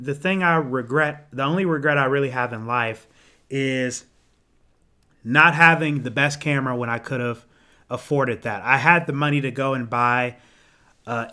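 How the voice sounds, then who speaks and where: A young man casually answering viewer comments on a live stream, rambling with ums and restarts, clearing his throat and losing his voice. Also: medium pitch, pushed and bright. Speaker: menswear YouTuber hosting a live Q&A.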